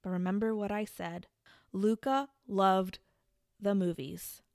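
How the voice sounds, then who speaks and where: A woman's voice: mid-range voice, fairly even intonation, slow pace, a little mellow, dry recording, studio quality. A woman casually retelling a true crime case to a friend, building to dramatic reveals with restarts and fillers. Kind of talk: casual storytelling chat.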